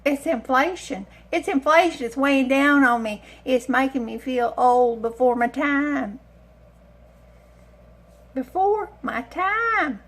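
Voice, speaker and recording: A woman's voice: sits high, unhurried, hardly any pauses. A woman chatting casually to camera in her home kitchen, rambling and self-mocking. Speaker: cooking vlogger.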